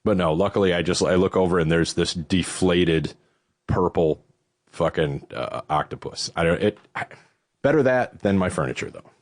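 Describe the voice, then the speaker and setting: A middle-aged man from Western New York hosting a podcast, telling stories in a casual, profane way while out of breath. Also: normal speed. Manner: profane, animated storytelling with swooping pitch. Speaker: podcast host. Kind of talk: casual chat.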